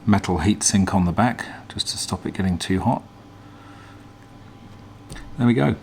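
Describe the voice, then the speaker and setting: A man hosting a casual teardown demonstration, talking in a relaxed, hesitant way with frequent ums as he explains. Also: low voice, unhurried, creaky, a little hiss or hum. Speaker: vlog host.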